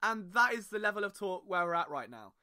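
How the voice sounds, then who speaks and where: Young British male podcast host, jokey and rambling, bright tense tone. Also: high-pitched, sing-song, fairly quick. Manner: chatty, jokey, rambling asides. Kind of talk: casual sports podcast monologue.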